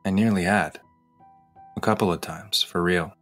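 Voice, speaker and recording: A man hosting a podcast, narrating a personal story in an intimate, confessional way and slowing down on key phrases. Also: low voice, steady tone, a bit bright, faint music behind. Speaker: podcast host. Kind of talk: personal narration over music.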